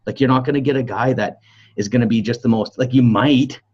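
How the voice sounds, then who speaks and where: A man co-hosting a relationship coaching podcast, telling lively stories and acting out other people's lines. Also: medium pitch, brisk, slightly rough, highs cut off. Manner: animated storyteller acting out quotes. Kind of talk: live coaching conversation.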